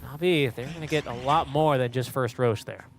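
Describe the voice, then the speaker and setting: A man casting an esports match with quick, excitable play-by-play commentary. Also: medium pitch, creaky, a little hiss or hum. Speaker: esports caster.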